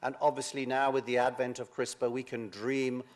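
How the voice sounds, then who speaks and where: An older man giving a science lecture, halting, with many pauses and restarts. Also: medium pitch, flat delivery. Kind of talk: academic lecture.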